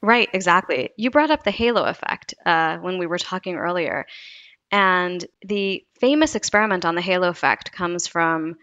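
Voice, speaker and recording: A woman's voice: fairly low pitch, moderate pace, clear, resonant tone, no room sound, muffled recording. Woman explaining psychology research. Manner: explanatory, lively storytelling. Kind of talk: interview conversation.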